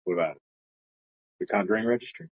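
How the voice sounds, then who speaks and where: A man co-hosting a casual book chat podcast, joking and rambling with big swings in pitch. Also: fast talker, breathy edge. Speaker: podcast co-host. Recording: dull lo-fi home podcast audio.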